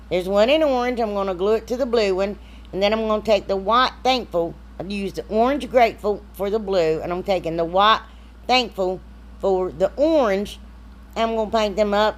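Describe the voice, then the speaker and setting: Woman, middle-aged craft vlogger, folksy, chatty, mid-pitched, close mic. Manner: chatty, self-deprecating, drawling. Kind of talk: casual crafting tutorial voice-over.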